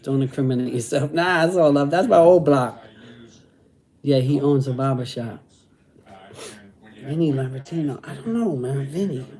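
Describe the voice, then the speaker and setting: A man's voice: medium pitch, normal speed, long pauses, darkish tone. A middle-aged man chatting casually on a livestream, using street slang and repeating phrases. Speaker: host reading live chat.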